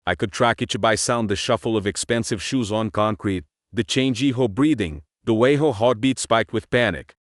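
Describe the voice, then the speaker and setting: Guy narrating a spooky story, slow and moody, dry close sound. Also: lowish voice, no room sound. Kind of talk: scripted first-person narration.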